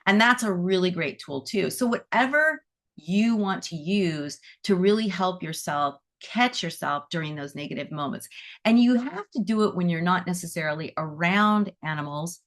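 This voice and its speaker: A woman with a fairly low voice talks informally to a class about animal Reiki. She is chatty, leans on "like" and "you know," and slips into little quoted voices to act out what people think and say. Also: animated, normal speed. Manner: chatty, acts out inner dialogue in quoted voices; frequent "like" and "you know" fillers. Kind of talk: casual spoken talk to a class.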